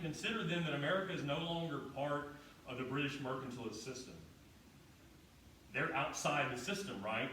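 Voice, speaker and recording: A man's voice: fairly high pitch, fairly bright tone. A man, a history professor, giving a classroom lecture in a casual way, with salty asides and rhetorical questions to his students. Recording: very echoey room, far from the mic, faint noise.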